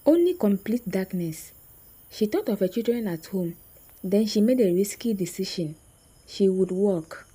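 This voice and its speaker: A woman narrating a scripted story in a slow, suspenseful way with dramatic pauses. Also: medium pitch, mellow, slightly rough, rough recording.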